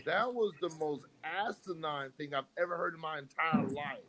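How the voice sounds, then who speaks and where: A man's voice: fairly high pitch, moderate pace, bright, forceful tone, poor audio. A man co-hosting a sports podcast, ranting in exasperation and tripping over repeated words. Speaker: podcast co-host. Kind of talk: heated casual sports chat.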